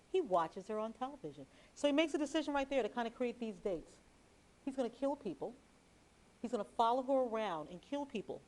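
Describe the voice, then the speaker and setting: A woman author and TV news reporter giving a library lecture, telling lively anecdotes with chatty asides and reading from her book. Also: fairly high pitch.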